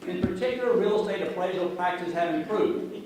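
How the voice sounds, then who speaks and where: Man, sarcastic lecture, jokey, fairly high voice, distant mic, noisy echoey hall. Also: a little fast. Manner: sarcastic, jokey, addresses the audience directly. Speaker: speaker giving a talk on finance. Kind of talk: sarcastic lecture to a live audience.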